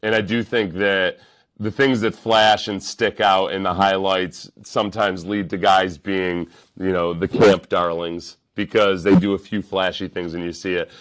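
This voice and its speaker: A man's voice: deep voice, little pitch movement, a little slow. A man hosting a sports show, giving casual reaction commentary in a conversational, wry way, thinking aloud. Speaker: sports podcast host.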